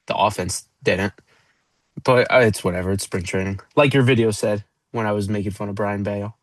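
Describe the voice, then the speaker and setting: A man's voice: lowish voice, fairly even intonation, brisk, no room sound. A man co-hosting a casual sports podcast, with a dry, teasing humor. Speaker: podcast co-host.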